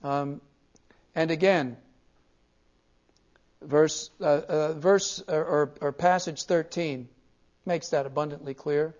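High-voiced man lecturing from old cassette. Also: takes it slowly, darkish tone. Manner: emphatic, repeats key words for stress. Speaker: pastor teaching a class. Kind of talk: classroom theology lecture. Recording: dull lo-fi cassette tape.

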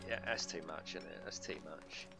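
A man's voice: rumbling low, normal speed, creaky, loud music behind the voice. A man chatting casually as he streams a video game, swearing freely and laughing often. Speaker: gaming livestreamer. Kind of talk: casual live gameplay commentary.

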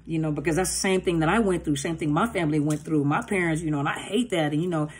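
A woman coach teaching in a relaxed, chatty way, her voice sitting a touch low with a husky grain. She keeps breaking into short acted-out dialogues and leans on "you know" as she talks. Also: quick pace. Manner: conversational, acts out dialogue with filler-heavy asides. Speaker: coach on narcissistic abuse. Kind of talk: casual teaching talk.

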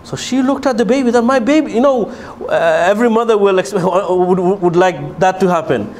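A man's voice: high voice, brisk, a little mellow, a little hiss or hum. A man giving a religious lecture to a group, explaining at length and asking his listeners questions, with many fillers and restarts. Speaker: lecturer on a pilgrimage programme. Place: lecture room in a city of pilgrimage.

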